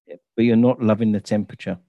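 A man with a London accent interviewing a guest, relaxed, often ending questions with tags like "didn't you". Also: on the low side, quick pace, dry recording, dull audio. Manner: relaxed, asks leading questions with tag questions. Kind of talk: casual interview.

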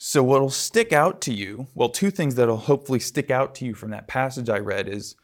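A man teaching a church class in a relaxed lecture style. He speaks earnestly and stays casual, with frequent asides and small fillers, at a medium pitch. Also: brisk.

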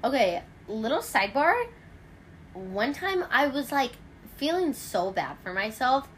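With a high voice and a measured delivery, she hosts an informal chat from home, telling lively, meandering stories full of fillers. Faint background noise sits under the recording.

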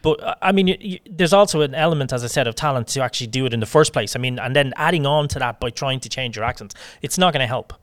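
A man's voice: medium pitch, fast talker, hardly any pauses, fairly bright tone, no echo. A man hosting a podcast interview, chatty and enthusiastic with a rambling way of talking. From Ireland. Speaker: podcast host. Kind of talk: casual interview chat.

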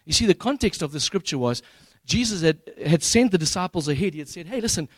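Man, pastor, casual humorous sermon, higher-pitched voice, dry sound. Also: lively intonation, fast talker, no echo. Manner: casual, humorous storytelling with slang paraphrases.

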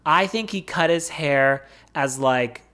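A woman's voice: low-pitched, slow, fairly bright tone. A woman co-hosting a casual recap chat, blunt, profane and wry as she retells scenes. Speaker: podcast co-host.

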